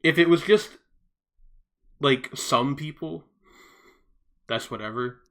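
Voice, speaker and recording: A man's voice: mid-range voice, takes it slowly, fairly bright tone. A young man co-hosting a podcast, talking frankly and wryly as a self-aware critic in casual chat. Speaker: podcast co-host.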